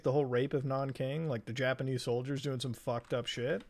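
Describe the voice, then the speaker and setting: A man's voice: medium pitch, steady tone, moderate pace. A man from Canada streaming a game, chatting casually in a rambling, profane way and laughing often. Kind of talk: casual chat while gaming.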